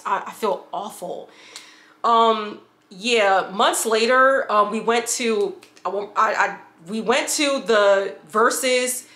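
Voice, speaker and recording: A woman's voice: fairly high pitch, slow, pushed and bright, echoey room. A woman from upstate New York telling a personal story in a casual, candid vlog, rambling and swearing freely. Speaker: vlogger.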